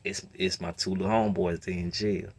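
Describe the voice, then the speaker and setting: A man telling a long story in a casual rant, slipping between low muttering and loud outbursts. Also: flat delivery, fairly quick, husky. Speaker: storyteller host.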